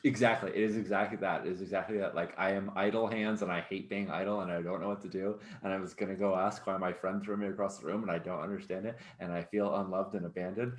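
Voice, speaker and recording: A tabletop game player who speaks haltingly with many restarts, playful in character. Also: sits low, steady tone, reverberant.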